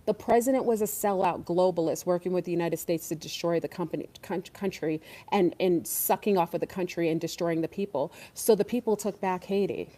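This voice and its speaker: A woman's voice: on the low side, brisk, hardly any pauses, warm tone. A woman hosting an online talk stream, rambling and emphatic, with many fillers. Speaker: online show host. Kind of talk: casual livestream talk.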